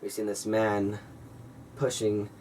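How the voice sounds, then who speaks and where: Young guy telling a story to his camera, kinda low flat voice, lots of "like" and "um", sounds a bit far from the mic with a faint hum. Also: slow pace. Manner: rambling, filler-heavy, earnest retelling with acted-out quotes. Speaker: vlogger telling a personal story.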